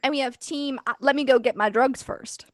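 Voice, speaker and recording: A woman's voice: high-pitched, fairly quick, no echo. A woman narrating as game master for a tabletop game, chatty and self-deprecating, on a close mic.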